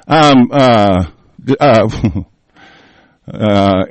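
A man's voice: a little high, expressive, normal speed, no echo, rough recording. An angry man ranting, swearing constantly as he talks. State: furious. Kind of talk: political rant.

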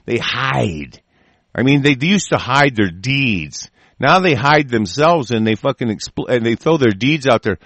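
A male host in a furious, profane rant who keeps stumbling over and restarting his phrases. His voice sits in an ordinary middle pitch, recorded dry and close with no room sound. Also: very animated, normal speed, no room sound. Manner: heated, profane, repeats and restarts.

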